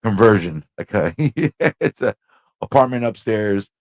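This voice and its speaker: A man with a New York accent, a livestream host telling a story in a casual, animated way, acting out voices and laughing often. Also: fairly low pitch, a little slow, no room sound. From Corona, Queens, New York.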